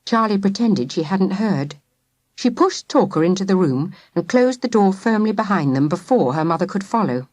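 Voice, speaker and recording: A woman narrating a children's audiobook with a lively, clear reading. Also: mid-range voice, normal speed, no echo, studio quality. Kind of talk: storybook narration.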